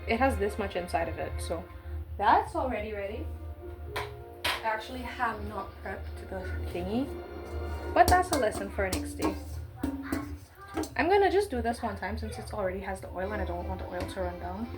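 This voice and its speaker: A woman's voice: medium pitch, animated, moderate pace, long pauses, music in the background. A woman chatting casually as she bakes, with cheeky slangy asides. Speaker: baking vlogger. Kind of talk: casual baking vlog.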